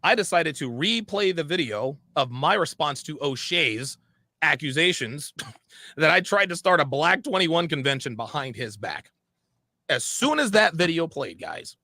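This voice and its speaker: A man's voice: a little high, big pitch swings, normal speed, pushed and bright, no echo, clean studio sound. A man telling a personal story in a dramatic, confessional way. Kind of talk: storytelling monologue.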